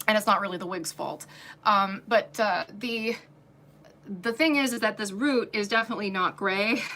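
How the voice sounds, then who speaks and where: A woman's voice: medium pitch, pushed and bright. A woman hosting a casual livestream as a wig reviewer, chatty and giggly, with lots of fillers. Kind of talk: casual livestream product chat.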